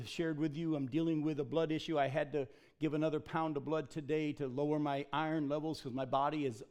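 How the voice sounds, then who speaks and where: A man's voice: fairly high pitch, a little mellow. A middle-aged male pastor delivering a sermon with a slightly raised voice. He talks in a folksy way, drops jokes and casual asides, and reads scripture aloud between them.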